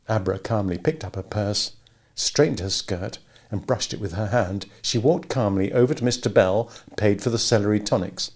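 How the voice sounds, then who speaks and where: A man's voice: fairly low pitch, a little mellow. A man narrating a novel as an audiobook, reading expressively.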